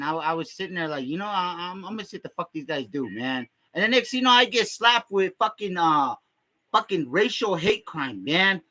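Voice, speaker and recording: High, sharp-voiced man rambling crude jokes. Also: lively intonation, fairly quick. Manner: crude, rambling, heavy profanity, constant filler "man". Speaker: comedy vlogger. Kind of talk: improvised comic storytelling.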